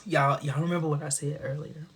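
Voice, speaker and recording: Husky-voiced, chatty livestream host man. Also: fairly high pitch, brisk. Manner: chatty and animated, laughing often, drops into whispers. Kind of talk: casual livestream chat.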